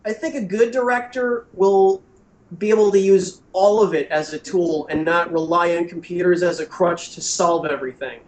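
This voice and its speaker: A man with a high voice tells film-set stories as a podcast guest, acting out what other people said. He is from New Jersey and talks casually. His voice sounds roomy, with echo from the room around him. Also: normal speed. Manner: animated storyteller who acts out quotes. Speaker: guest, creature effects studio owner.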